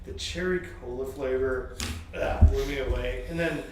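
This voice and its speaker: A man's voice: mid-range voice, steady tone, normal speed. A man co-hosting a whisky review, chatting casually in a goofy, laid-back way. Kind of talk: casual chat. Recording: distant, very echoey, faint noise.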